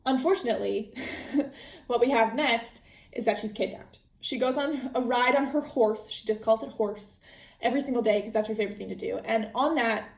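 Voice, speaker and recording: A woman's voice: on the high side, normal speed, creaky, echoey room. A woman podcast host recapping a book in a casual, chatty way, often restarting her sentences. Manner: chatty storytelling with frequent restarts and laughs.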